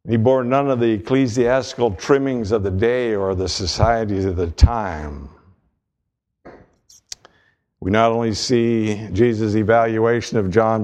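Guy preaching a sermon, slow and measured, tells little jokes along the way. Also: mid-range voice, a little mellow. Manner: measured preaching with folksy humor. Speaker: pastor.

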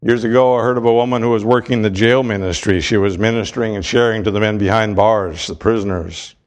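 A man preaching a sermon with emphatic, deliberate delivery and dramatic pauses. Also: lowish voice, fairly even intonation.

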